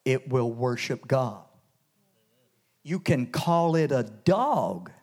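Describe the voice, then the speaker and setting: A man from Canada preaching a revival sermon in church, dropping to hushed lows and rising to loud, soaring highs. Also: big pitch swings, takes it slowly.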